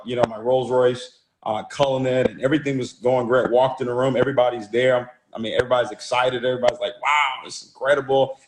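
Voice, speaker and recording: A man giving a motivational talk and telling a story, speaking energetically and often repeating words as he restarts phrases. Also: mid-range voice. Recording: roomy echo.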